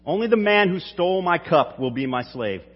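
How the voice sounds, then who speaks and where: Stern ruler giving orders, a preacher reads him, husky, echoey dull hall. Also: male voice, high-pitched, expressive, moderate pace, pitched above the performer's own voice. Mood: commanding. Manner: firm, commanding. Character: stern powerful male ruler, commanding.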